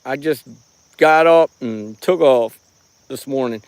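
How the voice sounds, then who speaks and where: A man's voice: medium pitch, slow, clean tone, dry recording. Rambling, folksy middle-aged man. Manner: rambling and folksy, greeting viewers by name. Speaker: live-streaming paranormal watcher. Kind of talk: casual live stream chat. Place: outdoors on a rural property at night. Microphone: handheld phone.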